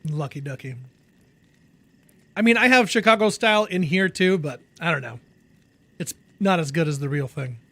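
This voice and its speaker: A man's voice: a little high, lively intonation, normal speed, pauses often, pushed and bright. A man streaming a game, chatting casually with viewers in a jokey, laid-back way. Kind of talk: casual chat.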